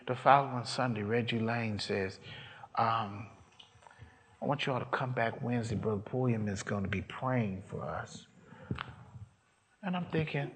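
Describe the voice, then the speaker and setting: A man's voice: medium pitch, normal speed, long pauses. A man preaching, telling a story from his own life and acting out the voices of the people in it. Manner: storytelling, acts out voices, rising to shouts. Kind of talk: sermon testimony.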